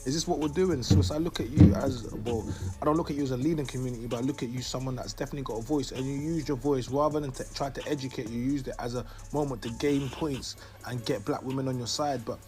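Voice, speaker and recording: A man from Africa hosts a casual talk show in an easygoing, conversational way. He reads posts aloud and drops quick asides, with faint music running underneath. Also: medium pitch, steady tone. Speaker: host.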